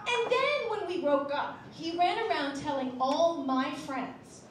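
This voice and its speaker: A woman doing a stand-up comedy set, wry and self-mocking, slipping into shrill impressions. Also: measured pace, heavy background noise. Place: comedy club stage. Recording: echoey room, voice from a distance.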